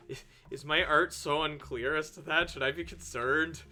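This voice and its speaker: A man's voice: fairly high pitch, steady tone, takes it slowly, pauses often, bright, forceful tone, faint music behind. A man streaming live while drawing, chatting casually and answering his chat with jokes and asides.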